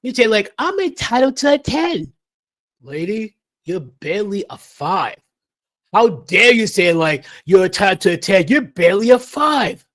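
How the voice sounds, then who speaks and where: Man, high-pitched voice, emphatic, repetitive, lecturing livestream rant. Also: animated, normal speed, fairly bright tone. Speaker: livestream host.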